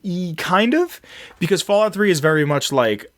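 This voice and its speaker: A man's voice: sits high, animated, normal speed, a bit bright, no echo. A man co-hosting a casual podcast, rambling with many fillers and restarts. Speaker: podcast co-host.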